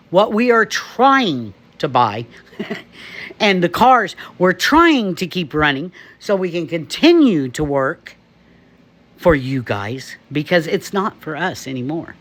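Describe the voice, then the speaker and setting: A man's voice: a little high, a bit bright. A man from the United States ranting emphatically to camera, laughing often. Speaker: vlogger. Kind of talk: opinion rant to camera.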